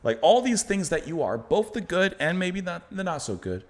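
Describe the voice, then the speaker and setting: A man's voice: high-pitched, big pitch swings, normal speed. A man hosting a music reaction, thinking aloud as he breaks down song lyrics, with fillers and restarts. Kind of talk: album reaction commentary.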